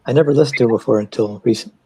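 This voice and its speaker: A man chatting casually on an art livestream, telling rambling anecdotes in an animated way. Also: mid-range voice, very fast, husky. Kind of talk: casual chat.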